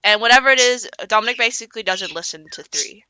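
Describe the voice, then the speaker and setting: A woman's voice: on the high side, fast talker, bright, forceful tone, smooth. A woman streamer retelling a story in a rambling, casual way, repeating herself and swearing.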